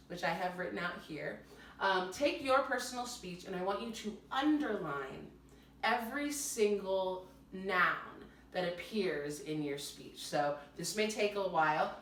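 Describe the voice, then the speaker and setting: A woman's voice: mid-range voice, fairly bright tone, recorded from a distance, slight background noise. An upbeat woman drama teacher leads an online lesson from her apartment. She gives encouraging, step-by-step instructions. Her voice carries a roomy echo and sits back from the microphone. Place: home apartment. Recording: roomy echo, mic set back from the speaker.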